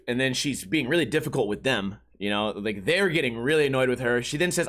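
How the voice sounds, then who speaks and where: A man hosting a podcast, telling a story in a casual, animated, incredulous way. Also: medium pitch. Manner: animated, incredulous, quick restarts. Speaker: podcast host.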